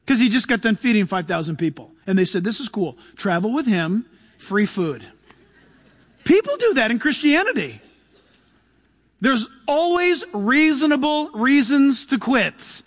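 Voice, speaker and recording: A man preaching an animated sermon, acting out quoted voices and saying "listen" often. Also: very high-pitched, moderate pace. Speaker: pastor. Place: church.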